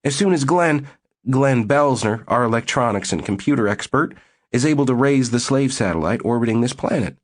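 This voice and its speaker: A man's voice: medium pitch, expressive, moderate pace, pitched above the performer's own voice, natural voice. Miss Burm, a man doing an eager woman.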